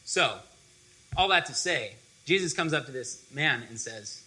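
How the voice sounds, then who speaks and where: A man's voice: medium pitch, animated, a little slow, sharp tone, husky, poor audio. A young man giving a casual, conversational sermon to a student fellowship, full of "like" and loose asides. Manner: conversational, filler-heavy with frequent "like".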